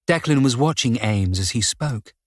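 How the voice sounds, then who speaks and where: A man narrating a crime thriller audiobook in a measured, steady way. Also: mid-range voice, no echo, studio quality. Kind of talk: scripted narration.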